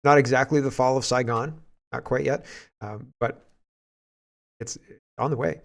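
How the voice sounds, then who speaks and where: A man's voice: mid-range voice, steady tone, unhurried, gravelly. A Canadian man hosting casual political commentary, rambling and sarcastic and often laughing.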